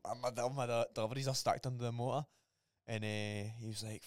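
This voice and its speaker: Fast-talking Scottish man. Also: on the low side, fairly even intonation, no echo, studio quality. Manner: fast, laughing banter. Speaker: podcast co-host. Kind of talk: casual chat.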